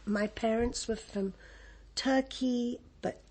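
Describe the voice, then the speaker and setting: A woman's voice: fairly high pitch, steady tone, slow, darkish tone, husky. An older woman from Egypt with an English accent, reminiscing in an interview, rambling and laughing often with many restarts.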